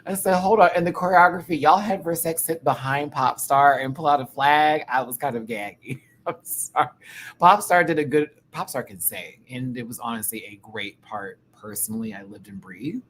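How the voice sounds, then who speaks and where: Man, live review host, campy and animated, mid-pitched, light background noise. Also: normal speed. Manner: animated, campy, breaks into laughter and singing. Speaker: YouTube reviewer. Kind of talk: casual live review chat.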